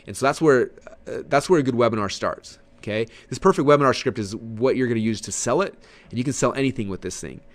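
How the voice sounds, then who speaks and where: A marketing trainer gives a casual webinar lesson, talking fast and with lots of energy. His pitch swoops high and low for emphasis, and he uses frequent fillers and restarts.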